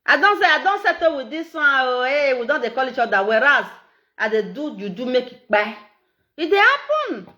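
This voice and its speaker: A middle-aged Nigerian woman with an Edo accent, talking in a casual, animated, repetitive way and laughing often. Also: high-pitched, brisk, dull audio. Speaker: social media live streamer. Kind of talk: casual monologue in Pidgin and Edo.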